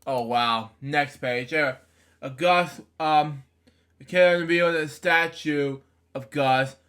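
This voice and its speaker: A man reads a children's storybook aloud, stumbling and restarting words and tossing in casual comments as he turns pages. His voice is bright and a little high, and he takes it slowly. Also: clean tone. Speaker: storybook reader. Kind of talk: reading a children's book aloud with asides.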